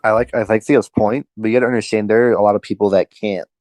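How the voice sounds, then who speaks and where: A man's voice: lowish voice, fairly even intonation, fast, darkish tone, no room sound. A man in casual podcast chat, hesitant with many restarts. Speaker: podcast guest.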